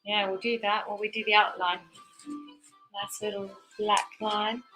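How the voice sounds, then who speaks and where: A woman's voice: medium pitch, little pitch movement, moderate pace, pushed and bright, faint music behind, rough recording. A young woman giving a chatty, encouraging step-by-step painting lesson for kids while she paints. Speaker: painting instructor.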